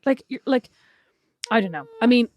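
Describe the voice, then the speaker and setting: A woman's voice: fairly high pitch, lively intonation, moderate pace, a little mellow. A woman co-hosting a podcast, telling stories in casual chat, laughing often and swearing casually. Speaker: podcast co-host.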